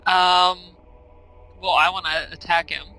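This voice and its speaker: Soft-spoken, hesitant woman player. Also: lowish voice, little pitch movement, measured pace, low-quality recording. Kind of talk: casual tabletop game play.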